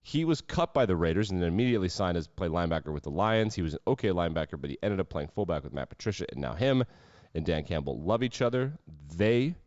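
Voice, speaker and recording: Man, sports podcast host, low voice, sarcastic wry asides, dry close sound, slightly dull lo-fi mic. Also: expressive, quick pace, a little mellow, no echo. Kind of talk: solo sports podcast commentary.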